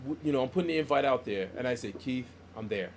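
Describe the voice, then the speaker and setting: A middle-aged man who works as a comic book artist tells stories at a quick pace in a medium-pitched voice during a casual podcast. He acts out quoted dialogue with animation, over a little hiss or hum.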